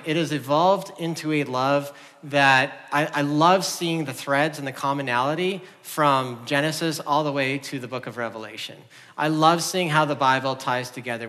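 Pitched on the high side, this middle-aged man's voice sounds pushed and bright as he delivers a sermon. He is conversational and earnest in the church sanctuary, frequently starting sentences over, and the sound carries a long hall reverb.

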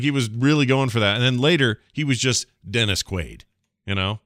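A man hosting a podcast, joking sarcastically about film clips and slipping into quick impressions. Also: medium pitch, fairly bright tone, no echo, studio quality. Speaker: podcast host.

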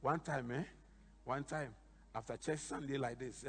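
A bishop preaching a sermon, telling animated stories with sudden shouted emphasis. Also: male voice, medium pitch, unhurried, creaky, long reverb tail.

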